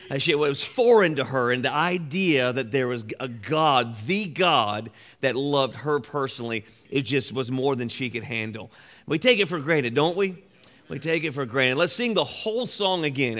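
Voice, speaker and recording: A man's voice: medium pitch, a bit bright. A man pastor giving informal remarks in a church service, telling a story in a conversational way with frequent fillers. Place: church sanctuary.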